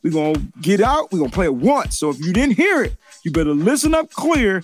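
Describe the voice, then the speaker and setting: Dude hosting a sports talk show, high voice bouncing all over, jokey and slangy, bit of music in the back. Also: male voice, a little fast. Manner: animated, joking, heavy slang. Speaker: podcast host. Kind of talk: casual sports chat.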